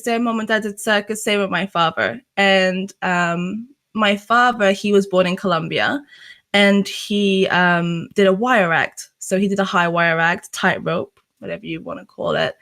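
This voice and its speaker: Chatty bright-voiced young woman. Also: medium pitch. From England. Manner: chatty and candid, laughs often, swears freely. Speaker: interview guest, streamer. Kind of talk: casual chat.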